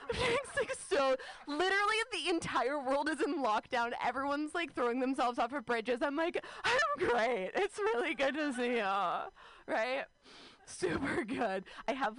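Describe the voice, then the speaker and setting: A woman's voice: high voice, no room sound. A woman in her thirties from California doing a stand-up comedy set, rambling and self-mocking, full of "like"s. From California, United States.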